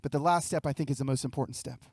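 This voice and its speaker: A man giving a motivational keynote speech, telling a story in an animated way and acting out dialogue, with quick repeated words. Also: medium pitch, breathy edge, no echo. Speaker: keynote speaker. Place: luncheon event hall.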